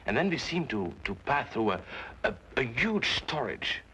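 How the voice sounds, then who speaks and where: A man's voice: medium pitch, very animated, moderate pace, sharp tone, husky, exaggerated voice, rough recording. A stammering, nervous Frenchman. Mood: anxious. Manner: stammering, hesitant. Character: nervous, frightened male French interpreter. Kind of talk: 1950s TV drama acting. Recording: old TV soundtrack with faint hiss.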